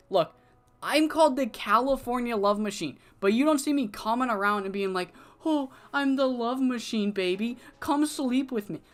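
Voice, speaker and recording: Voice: medium pitch, fairly bright tone, lightly acted. A streamer voicing a smug male wrestler who mocks and belittles a pathetic rival. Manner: contemptuous, mocking. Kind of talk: improvised wrestling promo while streaming.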